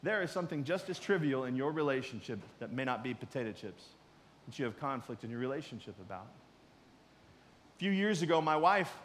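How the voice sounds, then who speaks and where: A middle-aged man preaching a sermon in a conversational way, swinging from loud emphasis to quiet asides. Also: a little high, long reverb tail. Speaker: pastor.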